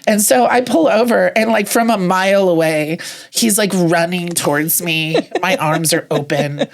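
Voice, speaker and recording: A woman with a fairly low voice co-hosting a podcast in casual chat. She rambles through her stories, swears freely and laughs often as she talks. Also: moderate pace, gravelly. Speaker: podcast co-host.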